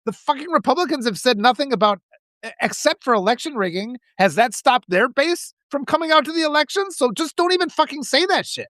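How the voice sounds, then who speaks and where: A man's voice: extremely high pitch, lively intonation, fairly quick, bright, forceful tone, no echo, clean studio sound. A man hosting a political livestream, reading viewer comments and ranting in a profane, riled-up way, with lots of restarts.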